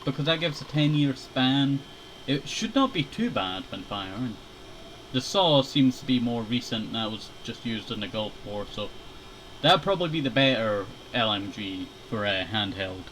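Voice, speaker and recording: A man's voice: mid-range voice, expressive, normal speed, fairly bright tone, slight background noise, poor audio. A young man casually chatting while playing a shooter game, laid-back and rambling, chuckling often. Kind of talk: casual gaming commentary.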